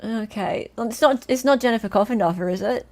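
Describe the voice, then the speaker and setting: A woman's voice: fairly high pitch, a little fast, darkish tone. Chatty Australian woman running a quiz. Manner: chatty, laughs often, reads out viewer names. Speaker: livestream host. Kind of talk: casual livestream chat and quiz.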